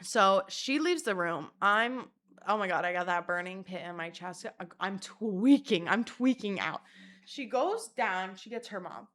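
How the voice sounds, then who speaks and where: A young woman telling a story in a vlog, animated, dramatic and full of swearing. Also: medium pitch, unhurried.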